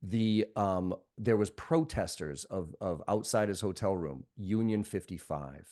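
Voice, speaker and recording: A man, a sales trainer guest on a podcast, talks bluntly and swears freely while telling animated stories. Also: deep voice, unhurried. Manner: blunt, profane, animated storyteller. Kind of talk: podcast conversation.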